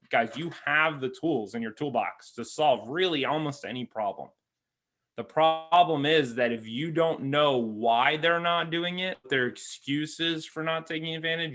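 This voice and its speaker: A man's voice: medium pitch, normal speed, pushed and bright. A man coaching real estate agents in a conversational way, acting out little dialogues with clients. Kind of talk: sales coaching talk.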